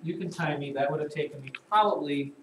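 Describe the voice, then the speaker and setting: Guy teaching a class, repeats words slow, kinda far off mic, noisy room. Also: fairly high pitch. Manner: repeats key terms slowly, calls on pupils by name. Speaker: math teacher. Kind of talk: classroom lesson. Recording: echoey classroom from far off with noise.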